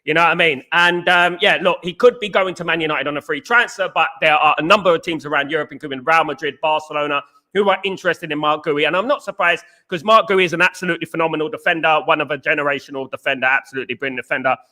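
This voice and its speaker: A man's voice: a little high, fast, pushed and bright. A young Englishman hosting a live football chat stream, talking animatedly, repeating phrases and greeting viewers. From England. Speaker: host.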